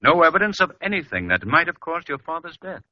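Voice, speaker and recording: Gentleman detective, shrewd, probing, fast lively voice, lo-fi radio. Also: fairly high pitch, no echo. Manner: probing, suave. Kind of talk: 1940s radio acting. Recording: dull dry old radio recording.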